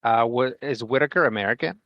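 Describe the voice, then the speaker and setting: A man's voice: mid-range voice, fast, no echo, dull audio. A man playing in a tabletop game, talking casually and hedging his words with "like". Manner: hedging, lots of "like". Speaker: player.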